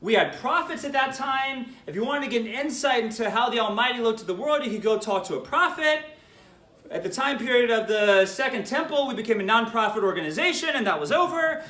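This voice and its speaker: A man's voice: very high-pitched, brisk, roomy sound. A man who is a rabbi, giving an informal lecture, telling stories and acting out the people he quotes. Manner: animated storytelling, acts out quoted voices.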